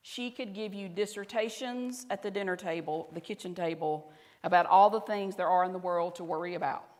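A woman pastor with a Southern US accent delivers a conversational sermon in a fairly low voice. She talks to the congregation and at times drops to soft, intimate tones. The sound rings with the long reverb of a church hall. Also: a little fast.

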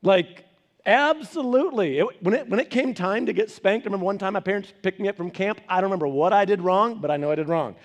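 A man preaching a sermon as a pastor, telling family stories in an animated way with laughing asides. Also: high voice, quick pace.

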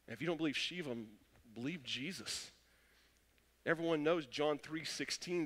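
Passionate preacher with hall echo. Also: male voice, a little high, fairly bright tone. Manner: passionate, acts out quoted voices. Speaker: pastor. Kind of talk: sermon. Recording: long echo of a church hall.

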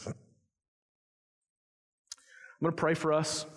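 A young man preaching a sermon as pastor, telling a story in quick run-on clauses, then turning quiet and earnest to lead communion. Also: fairly high pitch, completely flat delivery. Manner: quiet, earnest near-whisper leading communion. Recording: long hall reverb.

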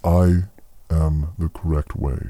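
A man voicing an ancient male elf spirit, courteous and quietly menacing, with a deep gravelly voice. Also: little pitch movement, slow, no room sound. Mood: smug.

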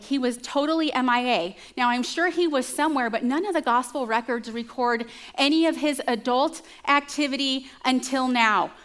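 Chatty woman preacher with a higher voice. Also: a bit bright. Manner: chatty and storytelling, with asides to the listeners. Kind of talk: conversational sermon.

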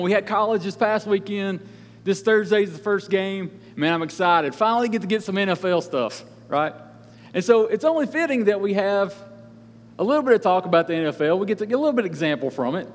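A young man giving a casual, energetic sermon in a church, joking and talking conversationally to the congregation. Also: sits high, in a large hall. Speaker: guest speaker at church. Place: church sanctuary.

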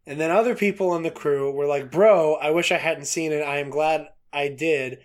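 A man co-hosting a podcast, reading a news story aloud in a casual, excitable way, laughing often and swearing casually. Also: on the high side, normal speed. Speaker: podcast co-host.

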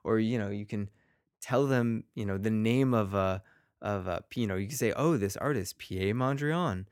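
Man, teacher and podcast host, casual rambling monologue, self-deprecating, smooth clear voice, dry close sound. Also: on the low side, normal speed, darkish tone, no echo.

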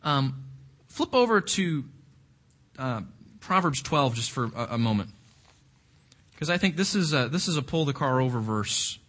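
A man's voice: medium pitch, sing-song, unhurried, a bit bright. A man leading an interactive Bible study, reflective, often asking the group questions and repeating words as he thinks.

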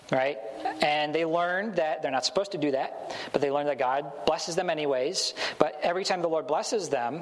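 A man's voice: a little high, a bit bright, poor audio. A male pastor preaching a sermon in a conversational way, sometimes acting out the voices he quotes.

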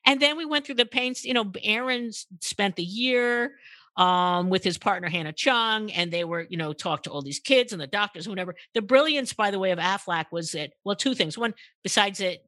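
Bright, dry-voiced older woman storyteller. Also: no room sound. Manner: acts out quotes with big pitch jumps, many restarts. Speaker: guest, purpose marketing consultant. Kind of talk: animated storytelling in a podcast interview.

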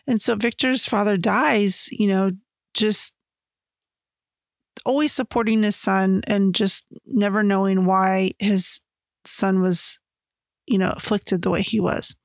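A woman's voice: mid-range voice, slow, no room sound. Chatty woman, dry close sound. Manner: chatty, animated, laughs often. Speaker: book reviewer. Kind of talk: casual book-versus-film commentary.

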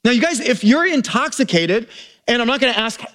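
A pastor preaching a conversational sermon to a congregation, informal, often restarting and repeating words. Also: male voice, very high voice, animated, brisk, a bit bright. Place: church service before a live congregation.

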